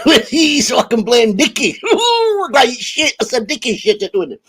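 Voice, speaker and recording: A man's voice: high-pitched, sing-song, measured pace, fairly bright tone, slightly rough. A man hosting a casual ranting vlog, sweary and rambling, laughing often. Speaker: YouTube host.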